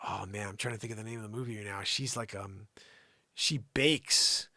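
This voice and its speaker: A man hosting a live talk show, doing improvised comedic commentary in an excitable, riffing way that swings between loud outbursts and muttered asides. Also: fairly low pitch, normal speed, no echo, clean studio sound.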